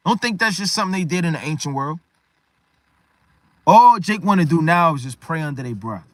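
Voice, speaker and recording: A man's voice: a little high, sharp tone, dry recording. A man preaching a sermon in an emphatic, repetitive way, often tagging his phrases with "man".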